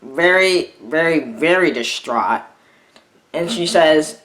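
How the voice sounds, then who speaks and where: A young man telling a personal story in a vlog, halting and rambling, often restarting his sentences. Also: on the high side, bright, forceful tone. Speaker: vlogger.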